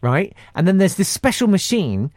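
Joking radio host. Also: male voice, sits high, very animated, moderate pace, darkish tone, no room sound, clean studio sound. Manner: joking, rambling, stumbling restarts. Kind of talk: casual radio chat.

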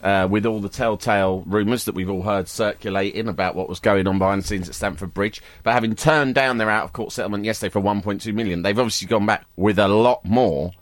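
A man's voice: on the low side, steady tone, quick pace, hardly any pauses, no room sound. A man, a radio host chatting and teasing on air in a studio. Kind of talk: casual studio banter. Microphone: studio microphone.

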